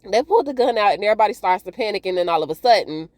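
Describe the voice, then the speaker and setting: A woman's voice: mid-range voice, lively intonation, quick pace, hardly any pauses, a little mellow, no room sound. A woman recapping a TV show in a loose, chatty way, often laughing and calling out to her viewers. Her voice rises and falls a lot, and it sits in a middle range for a woman. The sound is close and dry. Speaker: TV recap host. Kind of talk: casual TV recap monologue.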